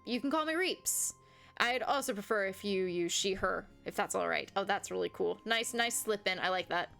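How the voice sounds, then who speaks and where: A young American woman streams a visual novel, reading its lines aloud with animated asides and slipping into chatty, giggly commentary. Her mid-range voice has vocal fry and moves at normal speed, with faint music in the background.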